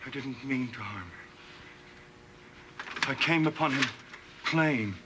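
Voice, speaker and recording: An actor playing a tormented, childlike male creature in a 1970s TV horror drama, speaking in halting, plaintive phrases. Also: medium pitch, background noise, close to an everyday voice. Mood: pleading.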